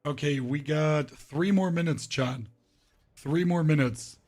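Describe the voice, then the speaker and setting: Talking to chat during live gameplay, this man speaks slowly in a darkish tone, his voice pushed lower than normal and sounding rough and hoarse. He's chatty and wanders from topic to topic, with not much emphasis behind anything he says.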